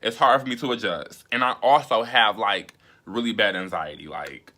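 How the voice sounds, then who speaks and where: Bright-voiced, emphatic young man vlogging. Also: on the low side, normal speed. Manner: emphatic, profane, rising to exasperated rants. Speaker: YouTuber host. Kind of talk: casual vlog monologue.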